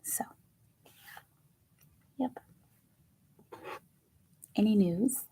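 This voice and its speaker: Excitable chatty woman, slightly gravelly. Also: mid-range voice, very slow, slight background noise. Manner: chatty, excitable, laughs often, drops to near-whispers. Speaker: tarot reader hosting a live stream. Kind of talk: casual live-stream chat with viewers.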